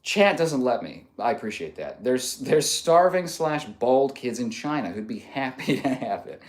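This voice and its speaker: A man's voice: mid-range voice, sing-song, normal speed. A man reading out chat comments on a casual live stream, joking and laughing often. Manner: playful, laughs often, reads comments aloud.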